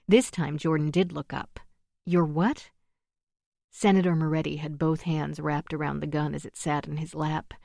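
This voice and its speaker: A woman narrating a thriller audiobook in a measured, tense way. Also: low-pitched, vocal fry, mellow, no echo, clean studio sound.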